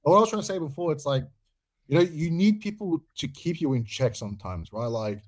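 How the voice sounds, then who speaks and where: A man's voice: a little high, animated, brisk. A young man co-hosting a podcast, talking frankly and swearing casually. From Australia. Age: young adult. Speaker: podcast co-host.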